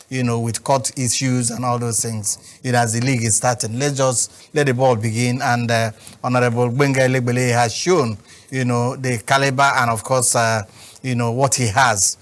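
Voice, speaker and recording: A Nigerian-accented man speaks as a football pundit. He rambles on and leans on "you know" again and again, his voice sitting at a mid pitch. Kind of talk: studio sports talk.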